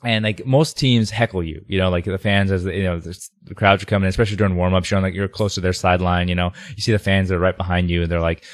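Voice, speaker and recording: A man on a podcast as a guest, telling a story in casual chat with lots of fillers and loud bursts. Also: low voice, quick pace, few pauses, no room sound. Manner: animated, shouts heckles in quoted voices, many fillers.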